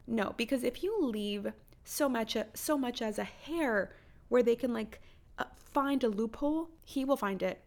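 Gravelly young woman, candid podcast host. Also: fairly high pitch, moderate pace. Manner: candid, swearing, emphatic rhetorical questions. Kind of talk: casual advice chat.

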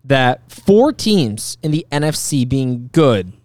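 A man's voice: mid-range voice, sing-song, slow pace, darkish tone, dry recording. A man co-hosting a casual sports podcast, pressing his co-host for a straight answer.

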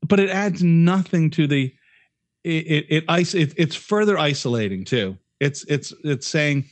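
A man's voice: on the high side, very animated, moderate pace, no room sound. A man co-hosting a podcast in casual chat, ranting bluntly and swearing a lot. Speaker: podcast co-host.

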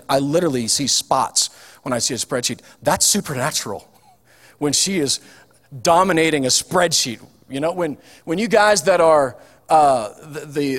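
A man's voice: medium pitch, fairly bright tone. A man preaching a sermon in a chatty, folksy way, with frequent fillers and restarts. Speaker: pastor. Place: church hall. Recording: long hall reverb.

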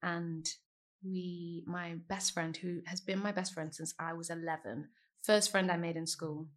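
Woman in her thirties, podcast guest, lively storyteller who acts out quotes. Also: measured pace. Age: 30s. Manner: animated, acts out quotes with big pitch jumps. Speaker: guest singer. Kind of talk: casual storytelling chat.

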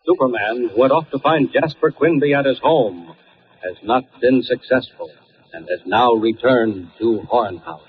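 A man narrating a radio serial with steady announcer delivery. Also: medium pitch, measured pace. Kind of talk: scripted narration. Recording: tinny old radio broadcast.

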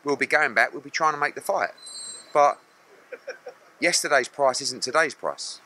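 A man's voice: medium pitch, normal speed, sharp tone, a little hiss or hum. A middle-aged man, a boxing promoter answering press questions bluntly and acting out other people's lines.

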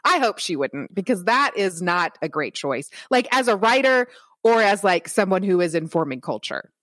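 A woman in her thirties co-hosting a casual chat podcast, a gushing and expressive storyteller. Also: medium pitch, normal speed, dry recording, studio quality. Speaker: podcast co-host.

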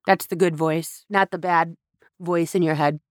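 A woman's voice: on the low side, fairly even intonation, no echo, clean studio sound. A woman hosting a podcast, talking through a reflective spiritual monologue with emphatic repetition. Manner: slow, emphatic, repeats phrases for effect. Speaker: podcast host.

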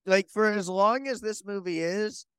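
A man's voice: high voice, a little slow, a bit bright, clean tone, dry recording, studio quality. A man co-hosting a movie podcast, wry and opinionated, swearing casually.

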